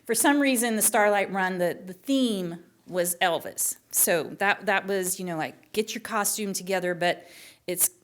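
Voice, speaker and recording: A woman's voice: medium pitch, a little slow. A woman from Florida, a school librarian hosting a story slam, telling a casual story in a chatty, rambling way full of fillers. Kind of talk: casual storytelling between acts.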